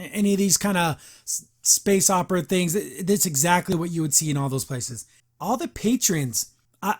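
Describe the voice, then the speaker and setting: A podcast host recaps a cartoon episode in a loose, chatty way. The voice sits mid-range in pitch, with plenty of "like" and "you know" and a wry, disbelieving edge. It is recorded close on a podcast mic. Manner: rambling, filler-heavy, wry and incredulous. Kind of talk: casual episode recap and review.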